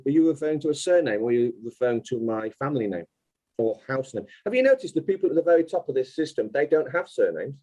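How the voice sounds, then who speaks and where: A man's voice: medium pitch, darkish tone, low-quality recording. A man speaking as an interview guest, explaining insistently and step by step.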